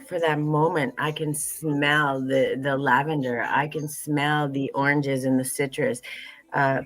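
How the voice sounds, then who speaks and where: Earnest woman with a low voice. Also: fairly even intonation, slow pace, a bit bright, poor audio. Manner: earnest, repeats phrases, many fillers. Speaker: tea business founder, guest. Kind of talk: heartfelt livestream conversation.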